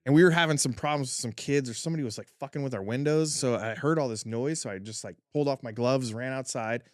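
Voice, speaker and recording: Man, tattoo artist, rambling swear-heavy storyteller, mid pitch, dry close sound. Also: fast, no room sound. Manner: animated, profane, lots of fillers. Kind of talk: casual storytelling.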